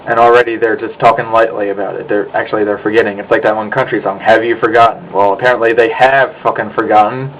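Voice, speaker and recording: A man's voice: lowish voice, steady tone, fast talker, few pauses, fairly bright tone, a little hiss or hum, low-quality recording. A young American man in a profane, angry rant to his webcam, sighing and swearing as he complains. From United States. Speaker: vlogger. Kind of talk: ranting monologue.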